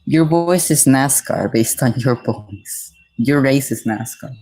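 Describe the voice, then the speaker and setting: A man's voice: medium pitch, lively intonation, slow pace, darkish tone, poor audio. A man from Mexico streaming live, reading dictionary definitions aloud and breaking off to chat casually with his viewers.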